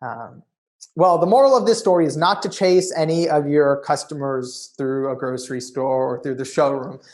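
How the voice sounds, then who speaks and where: A man speaking as a conference keynote speaker, telling a story in an animated way and often saying "you know.". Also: fairly high pitch, moderate pace. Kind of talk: storytelling talk.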